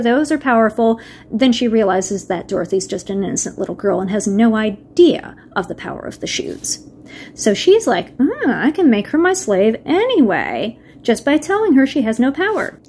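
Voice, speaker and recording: A woman's voice: mid-range voice, a little mellow, a little hiss or hum. A woman casually retelling a book, reading passages aloud and adding wry asides. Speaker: video reviewer. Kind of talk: casual book-summary narration.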